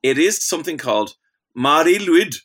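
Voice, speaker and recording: A man's voice: on the high side, animated, normal speed, a bit bright. A man hosting a comedy podcast, telling stories in an enthusiastic, casual way and laughing often. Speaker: podcast host.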